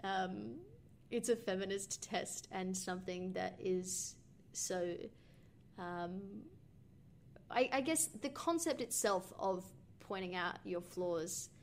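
A young woman co-hosting a podcast talks slowly through a film in a casual, thoughtful way, rambling and using many fillers. Her voice is medium-pitched, with slight background noise in the recording.

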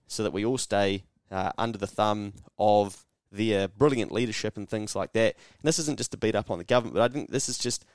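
A New Zealand man talks through his solo podcast in a blunt, sarcastic, sweary way, slipping into mock dialogues as he goes. His voice sits a little low. The sound is dry and close, with no room around it. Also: darkish tone, no room sound. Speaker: podcast host. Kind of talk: casual solo podcast monologue.

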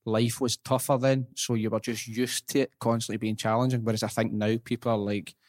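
A young Scottish man hosting a podcast, chatting casually and telling stories in a quick, animated way. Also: medium pitch. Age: young adult. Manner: lively, laughing, quick and animated storyteller. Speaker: podcast host. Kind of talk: casual chat, storytelling.

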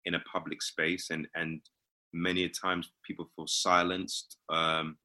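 A very low-pitched man, an actor chatting as an interview guest. His voice is forceful and bright despite its depth. He talks thoughtfully, circling back and repeating words as he works out what to say. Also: little pitch movement, unhurried. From England. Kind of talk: casual interview chat.

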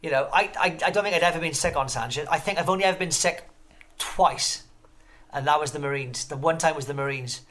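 A man's voice: a little high, brisk, fairly bright tone. Profane, rambling male interview guest. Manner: swears constantly. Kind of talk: casual interview chat.

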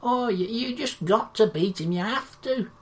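A woman's voice: on the high side, moderate pace, darkish tone, voice pushed up, lightly acted. A woman voicing a modest male football caretaker manager in a comedy sketch, who rambles and hesitates with lots of fillers. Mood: rousing.

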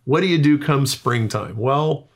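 A man's voice: medium pitch, measured pace, slightly rough. A man explaining ideas in casual talk, emphatic and often checking in with "okay?".

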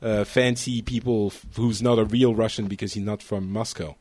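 A man's voice: on the low side, steady tone, normal speed, darkish tone, no echo. A man from France, hosting a casual podcast chat, joking and often correcting himself mid-sentence. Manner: rambling, self-correcting, joking. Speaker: podcast host.

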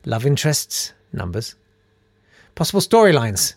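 A man's voice: medium pitch, sing-song, moderate pace, breathy edge, no echo. Guy hosting a rambly news chat, sarky, loads of uhs, very dry close mic. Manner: sarcastic, rambling, full of fillers. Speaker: host.

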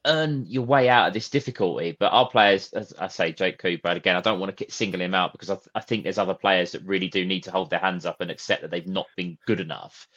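A man co-hosting a football podcast in casual chat. He talks thoughtfully, pausing on fillers as he works through his points. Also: sits low, fairly bright tone, highs cut off. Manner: thoughtful, hesitant, many fillers. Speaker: podcast co-host.

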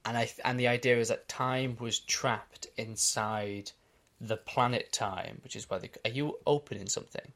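An Australian man co-hosting a casual podcast, recapping episodes in a quick, animated way. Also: medium pitch. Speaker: podcast co-host.

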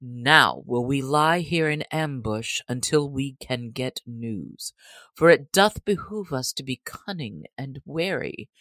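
A woman's voice: a bass voice, lively intonation, slow pace, fairly bright tone, dry recording, exaggerated voice. A woman voicing the bold male outlaw leader Robin Hood in a storybook reading, with a stirring, declamatory delivery. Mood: wary.

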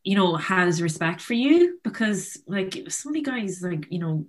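A woman's voice: medium pitch, big pitch swings, unhurried. A woman with an Irish accent, a podcast guest chatting casually and laughing at herself. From Ireland. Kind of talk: casual chat.

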